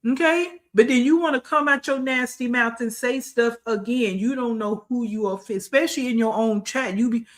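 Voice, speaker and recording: A woman's voice: a little high, normal speed, hardly any pauses. Give me a blunt woman commentator on a livestream, scolding and chatting with viewers. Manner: blunt, scolding, repeats phrases for emphasis; greets and talks to live chat.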